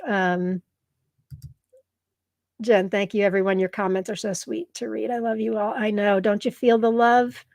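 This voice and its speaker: A woman's voice: medium pitch, level tone, unhurried, vocal fry, pauses often, darkish tone, no room sound. A woman hosting a live stream in casual chat, gushing and reading viewer comments aloud, tearful at times. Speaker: live show host.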